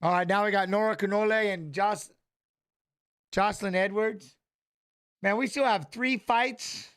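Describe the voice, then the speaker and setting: A middle-aged man hosting a live fight watch-along, excitable and shouting at the fighters while chatting with viewers. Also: high voice, clear, resonant tone. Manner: excitable, talks fast over the action, shouts at fighters. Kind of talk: live fight commentary and chat.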